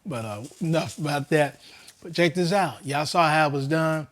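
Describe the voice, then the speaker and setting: A man, chatting excitedly to viewers while barbecuing wings outdoors in the cold. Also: a little high, moderate pace, no room sound. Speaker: home barbecue cook. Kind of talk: casual cooking vlog. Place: outdoors by a smoker in winter.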